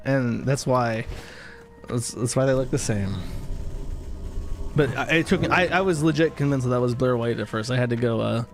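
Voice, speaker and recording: An American man streaming live, reading viewer donations aloud with wry, offhand remarks. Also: mid-range voice. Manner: wry, offhand, chuckling asides. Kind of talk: casual live-stream chat.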